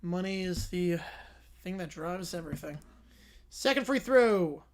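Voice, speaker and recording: A man hosting a live-stream, giving play-by-play reaction commentary with a strained, cracking voice. He rushes excitedly through the big plays and drops into quiet, low asides to answer chat.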